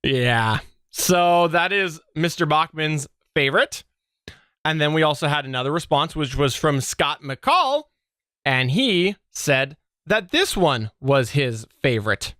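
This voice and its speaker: A man hosting a podcast, talking in a casual, animated way and laughing often. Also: on the high side, slow pace, clean tone, no echo, studio quality. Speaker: podcast host.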